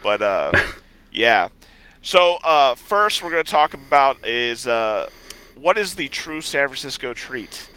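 A man's voice: mid-range voice, sing-song, slow, bright, forceful tone, clean tone, low-quality recording. A man co-hosting a casual podcast who tells stories animatedly, acts out the people in them, swears and laughs often. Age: adult, past college. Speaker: podcast co-host. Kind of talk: casual chat, storytelling.

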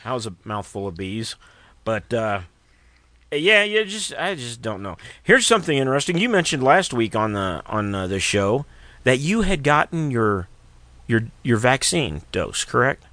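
A man hosts a relaxed radio talk show, his pitch rising and falling a lot as he rambles through stories and jokes. His voice is dry and close, with no room around it. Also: normal speed, no room sound. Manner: rambling, joking storyteller. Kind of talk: casual on-air chat.

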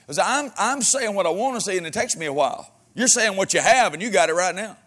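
A man preaching a sermon as pastor, with folksy humor and frequent amens, swinging between loud exhortation and quiet asides. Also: high-pitched, lively intonation, quick pace.

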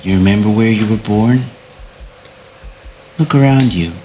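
A man's voice: on the low side, measured pace, dark tone, a little hiss or hum, voice pushed up, natural voice, rough recording. A man voicing a mocking male vampire elder who needles a newly made vampire. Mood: taunting.

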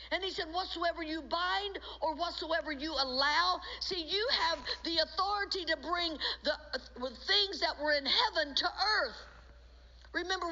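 A woman pastor preaches with fervor, her voice very high and sharply bright. She swells into shouts and tearful cries. The recording sounds dull and lo-fi. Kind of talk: sermon.

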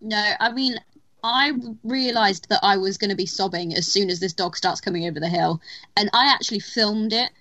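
A woman's voice: medium pitch, moderate pace, sharp tone, no echo. A woman co-hosting a film podcast who talks candidly about her reactions to the film. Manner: candid, chatty, laughs at herself. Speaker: podcast co-host. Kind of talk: casual film discussion.

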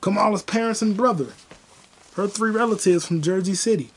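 A young man hosting a podcast alone, ranting about a movie in a profane, rambling way, with bursts of excitement. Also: sits high, fairly quick, slightly rough. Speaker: podcast host. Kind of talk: casual solo movie review rant.

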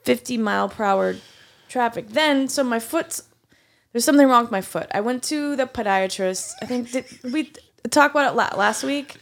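A woman's voice: fairly high pitch, moderate pace, gravelly. A young adult woman co-hosting a casual podcast chat, telling stories with frequent laughter and restarts. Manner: storytelling with lots of laughter and restarts. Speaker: podcast co-host.

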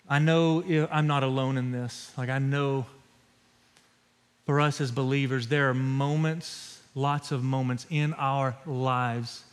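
A pastor in his thirties delivers a sermon with earnest, emphatic storytelling, repeating key phrases for weight. His voice sits fairly high for a man. It rings out through a church sanctuary with a long reverb tail. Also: a bit bright.

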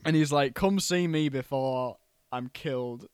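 A man co-hosting a podcast, recapping a film plot in an animated, casual way with plenty of swearing. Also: medium pitch, measured pace, clear, resonant tone, no room sound, studio quality. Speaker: podcast co-host.

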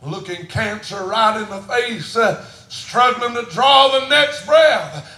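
Preaching pastor in an echoey church. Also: male voice, high voice, lively intonation, slow pace, hardly any pauses. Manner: swings from hushed storytelling to shouted preaching. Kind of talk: sermon. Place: church sanctuary.

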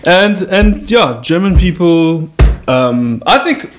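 A male comedian hosting a casual podcast interview at his home, talking in a relaxed and wry way. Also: on the high side, slow pace, background noise. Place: his own house.

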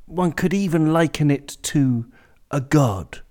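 A man's voice: fairly high pitch, slow, a little mellow. A man hosting a casual football chat, rambling and drifting off on tangents. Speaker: podcast host. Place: indoors during a storm with traffic outside.

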